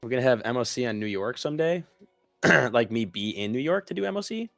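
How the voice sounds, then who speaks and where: A man co-hosting a live trading stream, excitable and slangy, joking with the others. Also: medium pitch, fast talker, dry recording, soft background music. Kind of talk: casual trading chat.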